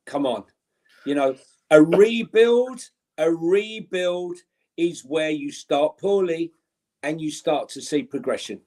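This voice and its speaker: A man co-hosting a fan podcast, bluntly ranting and reeling off statistics. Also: on the high side. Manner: blunt and exasperated, ranting through stats. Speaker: podcast co-host. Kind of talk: casual fan podcast chat.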